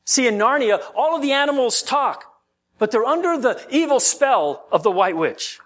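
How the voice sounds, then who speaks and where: A man preaching a sermon, reading scripture slowly and then talking it through in a conversational way with frequent restarts. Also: extremely high pitch, lively intonation, fairly bright tone. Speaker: pastor.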